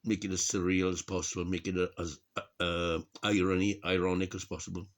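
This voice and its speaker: A man's voice: deep voice, little pitch movement, a little fast. A middle-aged man from Wales, rambling and grumbling to camera, swearing a lot and laughing at his own remarks. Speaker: vlogger. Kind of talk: rambling casual monologue.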